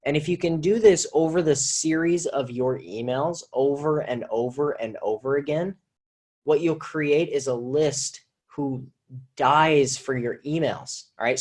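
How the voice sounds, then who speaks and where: A marketing teacher with a medium-pitched voice leads a live online copywriting lesson. He talks in an energetic, conversational way, restarting phrases and repeating himself as he explains.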